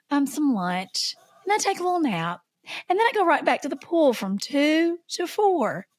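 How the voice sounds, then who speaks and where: A woman co-hosting a chatty podcast, slightly high in pitch. She tells stories with animation and acts out the people in them. Her voice is close and dry. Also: dry recording. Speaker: podcast co-host. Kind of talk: casual chat.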